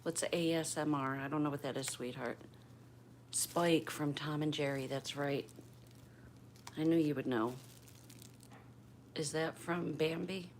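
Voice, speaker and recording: A woman's voice: sits low, fairly even intonation, measured pace, pauses often, a little hiss or hum. An older woman from Pennsylvania hosting a casual livestream at home, chatting with viewers by name and keeping her voice down. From Bristol, Pennsylvania. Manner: keeps her voice down. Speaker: livestream host. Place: home room.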